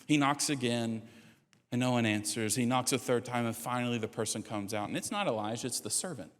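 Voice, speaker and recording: A man's voice: mid-range voice, a little fast, in a large hall. A man preaching a sermon in a conversational, joking storytelling manner, with playful asides. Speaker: pastor.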